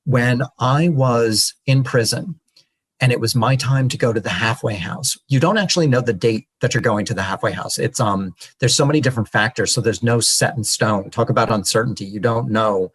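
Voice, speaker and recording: A man, a podcast guest and author, telling his story in an earnest, animated way. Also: medium pitch, normal speed, husky, low-quality recording. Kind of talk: storytelling interview.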